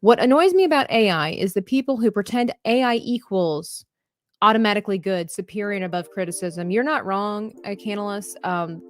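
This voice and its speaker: A woman's voice: medium pitch, brisk, no echo. A woman hosting a live drawing stream, talking earnestly in a rambling, casual way with frequent restarts while reading chat comments aloud. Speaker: livestream artist host. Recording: faint background music.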